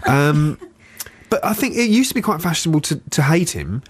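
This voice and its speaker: Man, radio studio mic, animated pitch, jokey banter. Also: fairly quick, slightly rough, no echo. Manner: jokey, self-mocking, tries silly accents. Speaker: guest radio host. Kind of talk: casual radio chat. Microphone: studio microphone.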